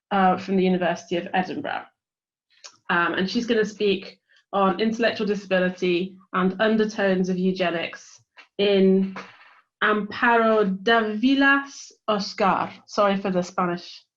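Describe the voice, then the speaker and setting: Woman, seminar chair, chatty, self-deprecating, video call, muffled lo-fi sound. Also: mid-range voice. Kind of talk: introducing speakers at an online seminar. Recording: dull lo-fi video call audio.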